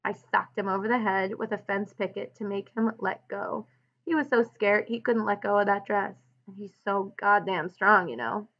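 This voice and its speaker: A woman reading aloud the lines of a blunt, weary ranch-hand man who protects his friend, in a rough, plain-spoken way. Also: medium pitch, fairly even intonation, normal speed, muffled recording, natural voice. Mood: telling.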